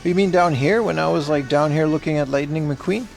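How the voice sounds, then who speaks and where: A man's voice: a little high, brisk, creaky, over music. A man casually chatting on a livestream as he browses a secondhand shop, slangy and talkative, answering his chat.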